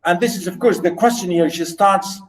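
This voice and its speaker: A man teaching a literature class over a video call, talking haltingly with many fillers and restarts and reading poetry slowly and fondly. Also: high-pitched, low-quality recording. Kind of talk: online lecture.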